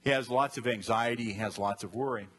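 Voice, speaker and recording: A middle-aged man preaches from the pulpit, his voice a little husky and sitting in an ordinary middle pitch. He tells his story in a lively, animated way, acting out the voices he heard in his head. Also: fast talker. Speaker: pastor. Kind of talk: sermon.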